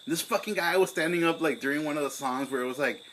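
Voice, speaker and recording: A young man, co-hosting a casual podcast over beers, telling a profane story and acting out his own angry shouting. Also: on the high side, fast, slight background noise, low-quality recording. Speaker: podcast co-host.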